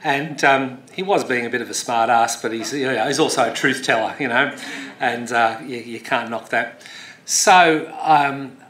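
A man's voice: mid-range voice, normal speed, fairly bright tone. A middle-aged man giving a speech, telling a story loosely with many fillers and restarts, then turning rousing and emphatic. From Australia. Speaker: speaker. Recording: echoey hall recording.

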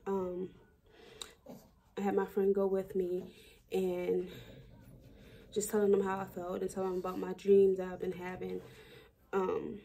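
A woman's voice: mid-range voice, vocal fry, mellow, slight background noise. A woman talking through a personal daily video diary in a reflective, rambling way, with many fillers and restarts. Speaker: vlogger.

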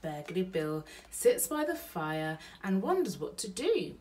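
A mother reading a bedtime storybook aloud to her baby in a slow, gentle pace. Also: fairly low pitch, big pitch swings, far from the mic.

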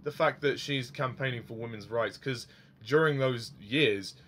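A man's voice: medium pitch, moderate pace, a bit bright. A young man giving a casual film review, rambling with frequent ums and chuckling at his own remarks.

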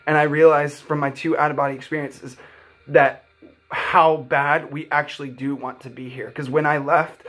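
Earnest young man, slightly high voice. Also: level tone, moderate pace, a bit bright. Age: young adult. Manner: heartfelt, rambling, many "like" fillers. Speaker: vlogger. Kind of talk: earnest personal storytelling.

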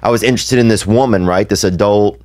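Low-voiced dude on a podcast cracking crude jokes, dry close sound. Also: male voice, quick pace, darkish tone, dry recording. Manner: crude, joking interjections. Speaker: comedian on a podcast. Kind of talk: casual banter and storytelling.

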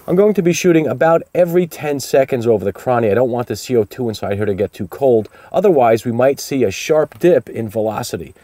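A man's voice: medium pitch, darkish tone, no echo. A man hosting a product review, talking casually and upbeat as he explains each step of a demonstration outdoors.

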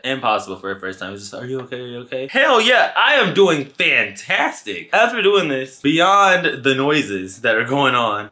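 A man vlogger telling a storytime, acting out the dialogue and swinging into high voices. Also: sharp tone. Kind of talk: storytime narration.

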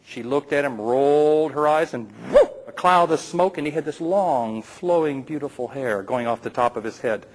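A man's voice: fairly high pitch, normal speed, hardly any pauses, low-quality recording. A man telling a playful folk tale aloud to a live audience, with teasing asides to the listeners. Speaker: storyteller.

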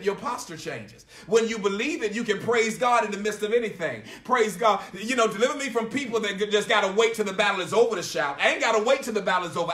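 A man with a high voice preaches a sermon as pastor in a church sanctuary, sounding roomy and far from the mic. He is emphatic and repetitive, punctuating lines with "praise God" and building up to shouts.

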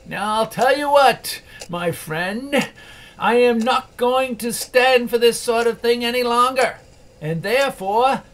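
A man voicing an elderly miser turned jubilant and generous, exuberant and playfully gruff, in an audiobook reading. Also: high-pitched, unhurried, a bit bright. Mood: mock gruff. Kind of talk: audiobook character voice.

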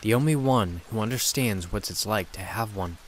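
A controlling young boyfriend speaks in a soothing, patronizing tone with a fairly low voice, as a man plays him. It is a horror story reading with faint noise behind. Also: moderate pace, close to an everyday voice. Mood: coaxing.

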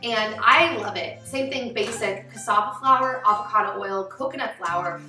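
A young adult woman talks through her favorite snacks in a chatty, upbeat vlog style, sprinkling in plenty of fillers. Her voice is bright and clear. She sits a little back from the mic in an echoey room, with faint music playing underneath. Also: medium pitch, moderate pace, far from the mic. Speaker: vlogger. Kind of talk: casual product review vlog.

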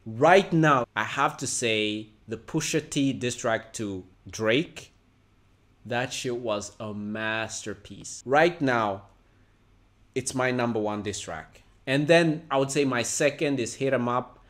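A man co-hosting a casual reaction commentary, swinging between loud outbursts and low mutters. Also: takes it slowly. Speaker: co-host.

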